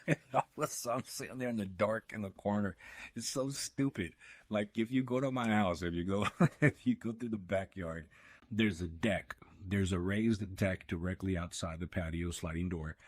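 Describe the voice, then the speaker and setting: A man's voice: sits low, moderate pace, dry recording. A man hosting a podcast, telling a casual, profane, self-deprecating story. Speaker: podcast host.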